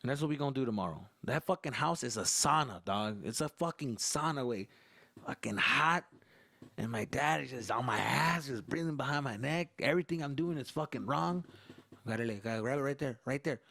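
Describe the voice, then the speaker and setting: A man from Arizona, a comedian, telling profane, animated stories in a casual podcast monologue. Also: medium pitch, normal speed, gravelly, no echo, studio quality.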